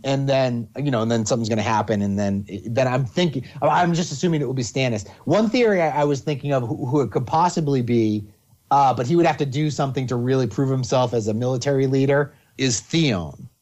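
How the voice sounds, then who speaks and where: Rambling, animated man in casual chat. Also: medium pitch, fairly quick. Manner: rambling, animated, restarts a lot.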